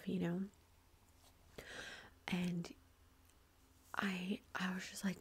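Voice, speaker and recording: ASMR creator, female, whispers throughout in a very breathy tone, casual and rambling. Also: mid-range voice, fairly even intonation, moderate pace, a little mellow. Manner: rambling storytelling with many fillers.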